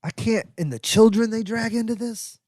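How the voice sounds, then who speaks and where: A man hosting a comedy podcast, riffing sarcastically in a rambling, profane monologue full of restarts and sudden high exclaims. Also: moderate pace, darkish tone, dry recording, studio quality. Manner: jumps into high exclaims for emphasis. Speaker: podcast host.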